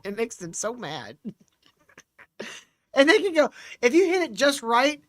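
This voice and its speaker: A man's voice: extremely high pitch, big pitch swings, measured pace, fairly bright tone, dry recording, studio quality. A man co-hosting a podcast, chatting crudely and laughing often as he retells scenes and acts out the voices. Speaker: podcast co-host. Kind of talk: casual crude banter.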